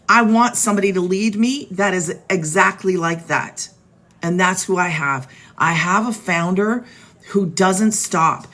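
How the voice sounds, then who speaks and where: A woman's voice: mid-range voice, fairly bright tone. A middle-aged woman hosting a casual live stream from home, chatty and upbeat, talking straight to her viewers and reading out their names. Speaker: live stream host selling online business programs. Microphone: phone.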